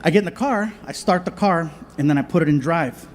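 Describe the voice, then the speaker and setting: High-voiced male stand-up comedian. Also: fairly quick, slight background noise. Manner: animated storytelling, turning subdued and confessional. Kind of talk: stand-up storytelling. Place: stage in a large theater. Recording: live theater with long reverb.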